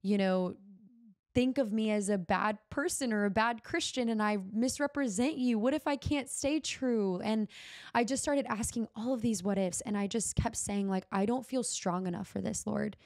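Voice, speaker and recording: A woman's voice: fairly high pitch, normal speed, darkish tone, no echo, clean studio sound. A young woman hosting a podcast, telling a personal story in an earnest, heartfelt way and dropping the odd "y'all". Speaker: podcast host.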